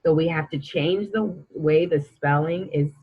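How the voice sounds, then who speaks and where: A woman's voice: low-pitched, unhurried, husky, dull audio. A woman teaching a grammar lesson to children, patient and encouraging as she quizzes the listener.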